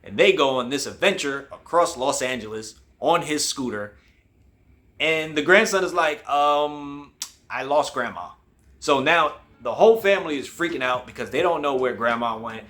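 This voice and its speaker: A man's voice: mid-range voice, lively intonation, a bit bright. A man hosting a casual movie review, retelling the plot and briefly acting out the characters' lines. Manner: acts out quoted characters with quick voice changes.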